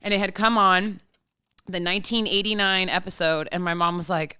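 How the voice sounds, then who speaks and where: Bright, crisp-voiced woman telling stories. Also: lowish voice, a little fast, dry recording, studio quality. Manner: animated anecdotes with acted-out quotes. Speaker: podcast guest. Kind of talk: casual chat, storytelling.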